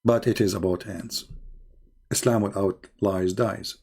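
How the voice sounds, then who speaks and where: A man's voice: fairly low pitch, steady tone, measured pace, vocal fry, darkish tone, breathy edge. Mocking man hosting a live debate. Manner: mocking, rhetorical questions. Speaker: live-stream debate host. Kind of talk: live-stream debate talk.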